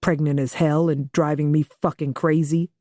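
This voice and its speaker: A woman's voice: low-pitched, level tone, moderate pace, mellow, no echo, studio quality. A woman voicing a blunt, profane young man who is about to become a father, read for an audiobook. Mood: teasing. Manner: profane, teasing, matter-of-fact. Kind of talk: audiobook dialogue reading.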